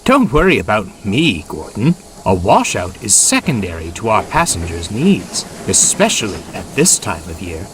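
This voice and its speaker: A man puts on a kind, cheerful old tank engine from a storybook, speaking gently in a low voice. His voice moves up and down with warmth. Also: wildly swooping pitch, moderate pace, few pauses, slight background noise. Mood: kindly. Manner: gentle, good-natured.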